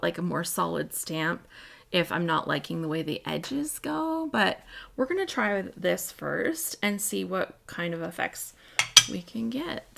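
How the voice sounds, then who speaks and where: Hosting a scrapbooking livestream, a woman chats casually and thinks aloud while demonstrating a craft, greeting viewers by name. She speaks into a desk microphone with a medium-pitched, fairly bright voice and some vocal fry.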